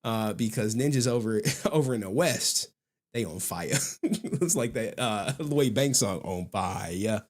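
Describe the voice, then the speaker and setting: A man's voice: on the low side, expressive, unhurried. A man hosting a live stream in casual commentary, slangy and laughing, with repeated asides.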